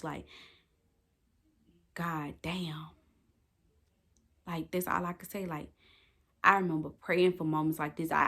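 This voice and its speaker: Emphatic young woman vlogger, low voice. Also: sharp tone. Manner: emphatic, preachy, swears freely. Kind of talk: casual talk to camera. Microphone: phone.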